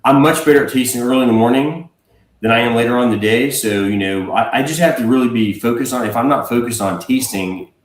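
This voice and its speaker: A man, a whiskey blender, speaking casually as a livestream guest, relaxed and rambling with fillers and restarts. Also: mid-range voice, quick pace, reverberant, rough recording. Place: home.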